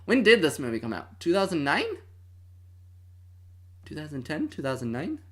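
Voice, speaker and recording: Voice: mid-range voice, wildly swooping pitch, normal speed, fairly bright tone. Chatty, dramatic young streamer. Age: 20s. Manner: chatty and dramatic, with mock outrage and asides. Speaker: streamer hosting a movie watch-along. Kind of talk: casual livestream chat.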